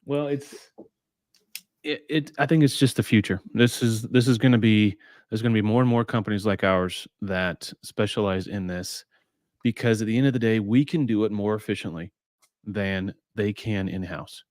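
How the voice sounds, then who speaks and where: Man host, low voice, blunt and salty, dry close sound. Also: moderate pace, a little mellow, no room sound. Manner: blunt, swears casually. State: out of breath. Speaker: podcast host. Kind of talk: casual roundtable chat.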